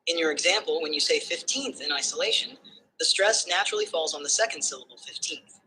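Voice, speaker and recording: A synthetic assistant tutors on phonetics, moving through calm, structured steps and closing by checking that the listener understood. Its voice is medium-pitched and fast, with a little hiss or hum and poor audio quality.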